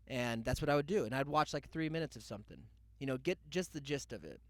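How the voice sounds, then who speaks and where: A man's voice: medium pitch, animated, fast talker, no echo. Rambling male podcast host, dry sound. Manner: loose storytelling with asides and mock quotes. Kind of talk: rambling comedic monologue.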